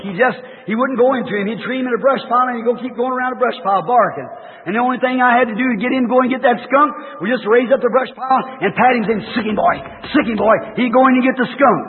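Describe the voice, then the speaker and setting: A male preacher delivering a fervent revival sermon, breaking into shouted exclamations. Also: very high voice. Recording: tinny old recording with long hall reverb.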